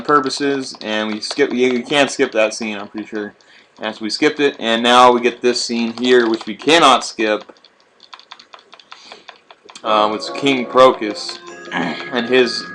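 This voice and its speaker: A man's voice: medium pitch, a bit bright. Male walkthrough narrator, laid-back and foul-mouthed, over prominent game music. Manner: profane, rambling, laid-back. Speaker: video game walkthrough player. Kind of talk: casual gameplay commentary.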